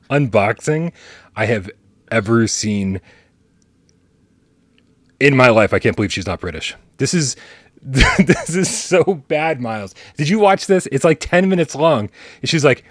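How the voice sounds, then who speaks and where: A man hosting a gaming podcast, chatting playfully with jokes and quick asides. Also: fairly low pitch, dry recording. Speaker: podcast host. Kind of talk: casual chat.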